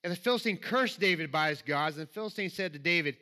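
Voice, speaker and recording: A man with a Southern accent preaching in a church. His voice sits high and sounds bright. He talks in a relaxed, self-mocking way, then turns emphatic when he reads scripture. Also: quick pace, few pauses. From Alabama, US. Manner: conversational and self-deprecating, rising to emphatic reading. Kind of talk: sermon. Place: church sanctuary.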